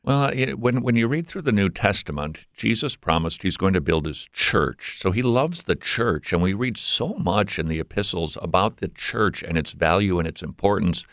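A low-voiced man from Minnesota sits in as a guest on a ministry show. He trades quick jokes, then turns earnest when he makes a teaching point. The sound is dry and close, with no room around it. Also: lively intonation, fairly bright tone, dry recording. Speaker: guest, Christian radio host. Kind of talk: conversational interview.

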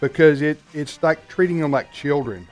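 A man's voice: on the high side, normal speed, faint music behind. A man co-hosting a talk radio show, speaking emphatically and repeating words as he presses his point. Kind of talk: conservative talk radio discussion.

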